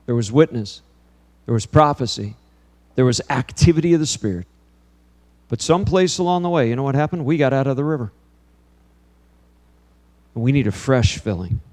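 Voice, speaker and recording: Animated storytelling pastor in his fifties. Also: medium pitch, moderate pace. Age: 50s. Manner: animated storytelling that turns quiet and earnest. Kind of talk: sermon with storytelling. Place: church before a congregation.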